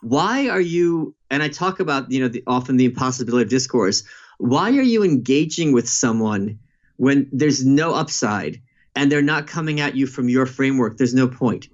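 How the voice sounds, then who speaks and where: A man who has written a book talks politics in conversation, telling anecdotes in an animated way. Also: medium pitch, moderate pace. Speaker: author and podcast guest. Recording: dull lo-fi sound.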